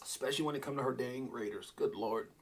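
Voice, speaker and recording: A middle-aged man hosting a live crypto stream, talking to his chat in an excitable, rambling way. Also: medium pitch, fast talker. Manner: excitable, rambling, talks to chat and reads out posts. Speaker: crypto livestream host. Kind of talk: casual live commentary.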